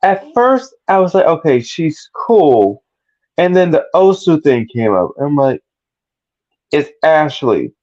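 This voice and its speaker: Steady man co-host, muffled lo-fi. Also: fairly high pitch, unhurried. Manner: steady, builds his argument point by point. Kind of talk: casual reality-show recap chat. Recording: muffled lo-fi sound.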